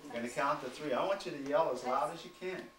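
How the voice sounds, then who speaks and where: A man's voice: on the high side, fast, fairly bright tone. A man, a firefighter, patiently teaching fire safety to preschool children, asking them lots of simple questions. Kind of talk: classroom talk to small children. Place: preschool classroom. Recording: echoey room from far off, noisy.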